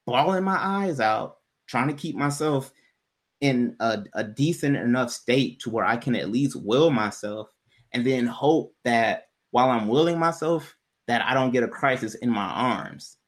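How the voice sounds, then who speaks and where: A man's voice: mid-range voice, lively intonation, a little slow. A man in casual conversation, telling a personal story in a candid, loose way with plenty of swearing.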